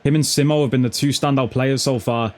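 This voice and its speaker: A gaming YouTuber commentates on his football game in heavy slang, swearing a lot and calling everyone "lad." His mid-range voice is a little mellow, with fairly even intonation and a brisk pace.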